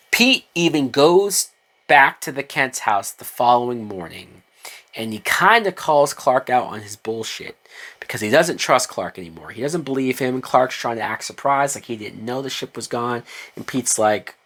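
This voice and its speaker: Animated, swearing TV episode recapper. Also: mid-range voice, normal speed. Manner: chatty, swears often, acts out characters' lines. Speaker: TV show reviewer. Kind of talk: casual episode recap and commentary.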